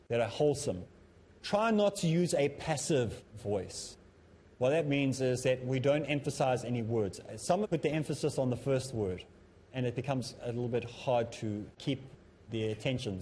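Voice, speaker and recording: A man giving a televised lesson in a steady, measured way, his voice dark and mellow. He sits at a middle pitch and keeps an even, somewhat monotonous delivery as he instructs. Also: a little hiss or hum. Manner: self-described as a bit monotonous. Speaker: Islamic teacher and TV presenter. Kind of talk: televised lesson on public speaking.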